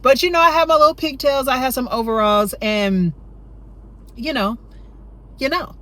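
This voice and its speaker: Woman rambling through a storytime, kinda high voice, goes up loud when she acts out being a kid. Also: normal speed. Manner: chatty, rambling, full of "you know" and "right?"; jumps high and loud when acting out her younger self. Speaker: storytime vlogger. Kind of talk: casual storytime chat.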